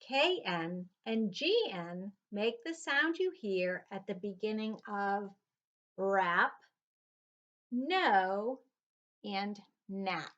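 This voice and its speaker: A woman's voice: mid-range voice, fairly bright tone. A middle-aged woman teaching a phonics lesson to young children, patiently spelling words out letter by letter. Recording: dull lo-fi recording.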